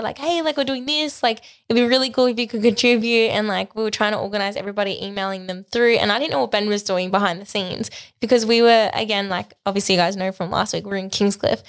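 A young woman co-hosting a podcast, telling stories in a chatty way full of "like". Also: medium pitch. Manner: chatty storyteller, lots of "like". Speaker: podcast co-host. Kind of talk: casual podcast chat.

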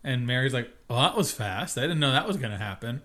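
A man's voice: mid-range voice, expressive, fast, fairly bright tone. Man recapping scenes in chat. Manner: retells scenes acting out characters' lines. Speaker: podcast co-host.

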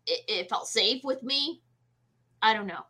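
A woman, a medium, telling her own ghost experience in a casual interview, animated and full of fillers and restarts. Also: on the high side, unhurried. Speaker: guest medium.

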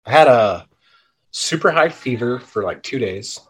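A man's voice: medium pitch, expressive, measured pace, breathy edge, rough recording. A man co-hosting a podcast, chatting in a dry, laid-back way. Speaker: podcast co-host. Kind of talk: casual chat.

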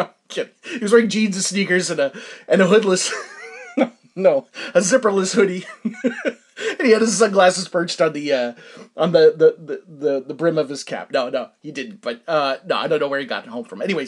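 Guy on a podcast rambling thru a story, fairly high voice that jumps all over, keeps laughing. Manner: animated, laughs often, lots of fillers and restarts. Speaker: podcast host. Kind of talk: casual storytelling chat.

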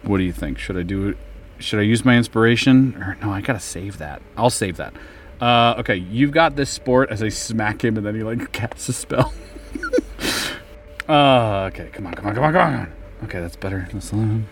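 Animated man playing a tabletop game. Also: lowish voice, normal speed, slight background noise. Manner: animated, laughing, restarts often. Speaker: player.

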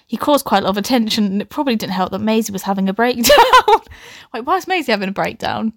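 A woman's voice: medium pitch, lively intonation, quick pace, creaky, dry recording, studio quality. A young woman reading her own old story aloud, breaking off into laughing, sweary, self-mocking asides. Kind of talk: comic reading with commentary.

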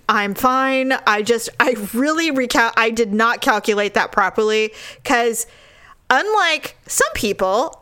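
A woman in her forties telling a funny story in casual chat, laughing often and acting out what people said. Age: 40s. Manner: animated, laughs often, acts out quoted lines in a high voice.

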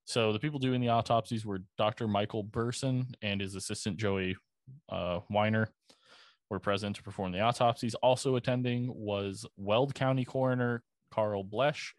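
A man with a low-pitched voice talks through events in a casual, conversational way, dropping profanity and dry sarcastic asides as he goes. The sound is close and dry, with no room around it. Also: dry recording. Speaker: podcast host. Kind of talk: casual true-crime narration.

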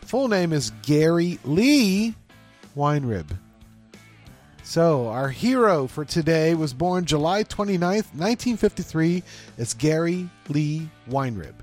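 A man's voice: a little high, sing-song, slow pace, darkish tone, soft background music. A man co-hosting a casual podcast, joking around and laughing often as he tells stories. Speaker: podcast co-host.

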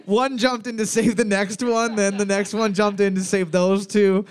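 In a high, smooth voice with a level tone, a man unhurriedly runs a podcast's live trivia night. He jokes and teases the players between questions, laughing frequently.

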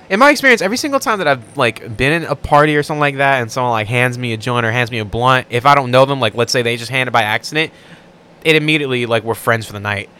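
A man's voice: mid-range voice, animated, quick pace, sharp tone, clean tone. A man co-hosting a podcast, chatting in a laid-back way with plenty of slang. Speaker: podcast co-host. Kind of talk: casual chat.

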